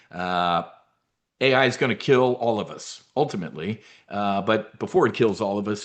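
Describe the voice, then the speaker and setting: Brash, blunt man hosting a trading webinar. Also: lowish voice. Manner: brash, blunt, swears, talks in military slang. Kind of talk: casual live trading webinar.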